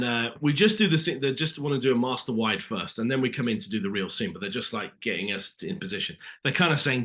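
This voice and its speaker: Bright-voiced British man telling stories. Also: lowish voice. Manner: chatty, lots of "you know" asides. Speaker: actor guest. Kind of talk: casual interview storytelling. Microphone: video call.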